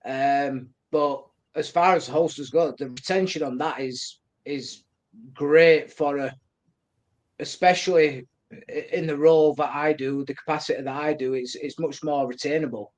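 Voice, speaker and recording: A man with a Northern English accent, a security team member talking casually on a podcast. His voice sits a little high, and he jokes plainly. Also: fairly even intonation, unhurried.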